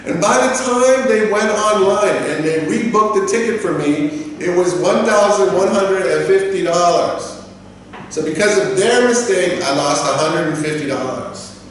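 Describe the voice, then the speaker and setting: A man's voice: unhurried, a little hiss or hum. A man teaching a business English lesson, telling customer service stories and acting out staff and customers. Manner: animated storyteller, acts out quoted staff in a higher voice. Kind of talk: lecture with personal anecdotes. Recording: echoey room, mic far off.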